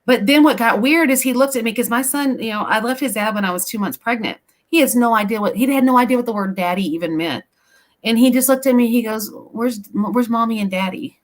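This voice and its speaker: A middle-aged woman, a paranormal investigator, chatting as a guest and telling personal stories in a rambling, animated way. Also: on the high side, fast. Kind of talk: casual chat, personal storytelling.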